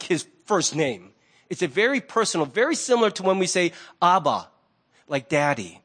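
A man with a high voice preaches a sermon. He keeps it conversational and animated, as if telling a story to friends, and the pitch rises and falls as he talks. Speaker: pastor.

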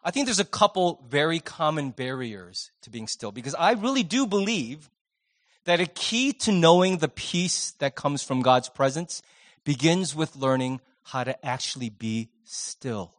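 A middle-aged man preaching a sermon as pastor, swinging between loud emphasis and soft, hushed passages. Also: fairly high pitch, lively intonation, unhurried. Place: church sanctuary.

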